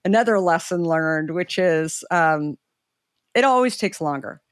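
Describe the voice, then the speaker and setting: Animated middle-aged woman telling a story. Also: unhurried, no room sound, clean studio sound. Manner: animated, acts out quoted voices with pitch leaps. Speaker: guest entrepreneur. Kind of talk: conversational storytelling.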